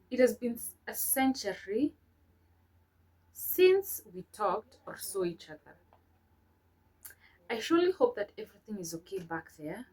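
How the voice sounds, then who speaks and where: A woman's voice: mid-range voice, a little mellow, breathy edge, low-quality recording. A young woman, a vlogger reading her old letters aloud and breaking off to chat about them sentimentally. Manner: sentimental, chatty asides between read lines.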